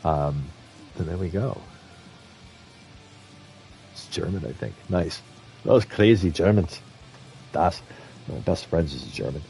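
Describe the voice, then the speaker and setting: Deep gravelly-voiced male game streamer. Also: takes it slowly, long pauses, warm tone, faint music behind. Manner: chatty and rambling, with frequent chuckles. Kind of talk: casual gameplay commentary.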